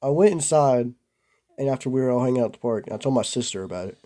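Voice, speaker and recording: A young vlogger tells a rambling story to the camera in a mid-range voice that is expressive, rapid-fire, and dark in tone. He's laid-back, packing his talk with filler words and slang, especially "bro" and "like".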